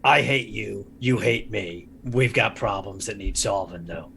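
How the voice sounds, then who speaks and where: A man plays a weary old cop in a tabletop game who has no patience left. The voice is low and gravelly and the talk blunt and grumbling. Faint background noise sits under it. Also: measured pace, sharp tone, heavily acted. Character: weary aging male cop, grumpy and blunt.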